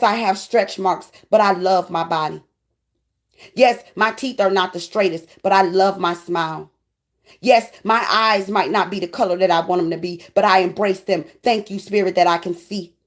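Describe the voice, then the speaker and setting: Emotional woman tarot reader. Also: on the low side. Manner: emotional, preachy, affectionate, near tears. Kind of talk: spiritual tarot reading.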